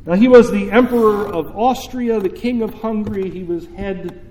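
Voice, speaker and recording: A man preaching a sermon as pastor, telling a story slowly and deliberately with dramatic pauses. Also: sits high, mellow. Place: church sanctuary. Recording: echoey church with long reverb.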